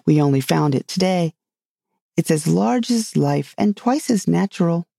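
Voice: mid-range voice, lively intonation, unhurried, vocal fry, warm tone, dry recording, clean studio sound. A narrator voicing an eager, solemn messenger in a storybook reading.

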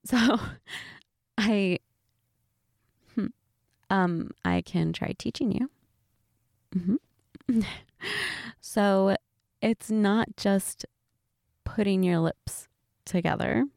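Giggly woman chatting to a best friend in role-play, gravelly, unhurried, dry close sound. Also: medium pitch, darkish tone, no echo. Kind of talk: casual chat role-play to a listener.

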